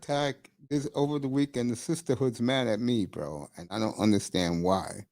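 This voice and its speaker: In this casual live-stream chat, a middle-aged morning talk show host jokes around with listeners using slangy banter and frequent laughter. He speaks at a normal speed in a lowish, darkish voice, barely pausing.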